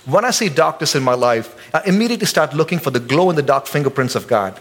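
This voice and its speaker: Animated, joking preacher. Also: male voice, fast talker. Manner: animated storytelling, jumps high when acting out quotes; casual and joking with the congregation. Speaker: pastor. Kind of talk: sermon. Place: church service.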